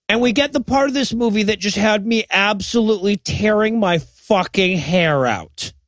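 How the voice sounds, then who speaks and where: A man with a high voice recaps a film's plot for a comedy podcast. He swears freely and acts out the characters' lines. The recording is dry and close. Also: moderate pace, dry recording. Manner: profane, animated retelling with quoted voices. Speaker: podcast co-host. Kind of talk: comedic movie recap chat.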